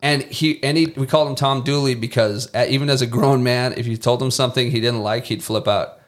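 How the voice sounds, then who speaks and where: Podcast guest, male, mid-pitched, laid-back storyteller who imitates the people in his stories. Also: fairly quick. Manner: lively anecdotes, mimics people he quotes, casual swearing. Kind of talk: casual storytelling.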